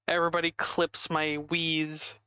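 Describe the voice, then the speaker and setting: A man's voice: a little high, completely flat delivery, unhurried, sharp tone, clean tone, dry recording, dull audio. A man chatting casually on a live stream, rambling and giggling as he snacks. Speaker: streamer co-host.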